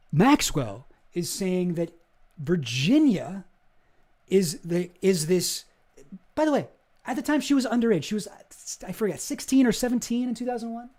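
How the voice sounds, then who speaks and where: A young man on a live stream giving casual commentary, animated and swearing as he gets worked up. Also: high voice, a little slow, long pauses.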